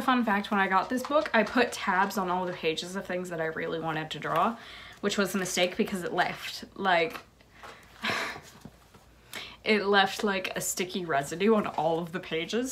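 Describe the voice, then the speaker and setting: A woman's voice: fairly low pitch, measured pace, a bit bright, slight background noise. A young woman rambling casually in her bedroom, showing off her fan merchandise, with lots of "like" and giggles. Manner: rambling, giggly, says "like" a lot. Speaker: vlogger. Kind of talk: casual show-and-tell vlog.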